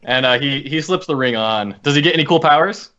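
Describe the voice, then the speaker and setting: Man, game player, joking, brisk, bright voice, muffled lo-fi sound. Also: on the high side. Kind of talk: casual tabletop play. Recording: dull lo-fi sound.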